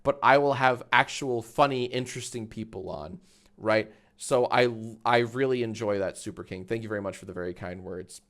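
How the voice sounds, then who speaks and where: A man's voice: fairly low pitch, normal speed, a bit bright. A man chatting casually on a live stream, rambling and swearing as he reads out the chat.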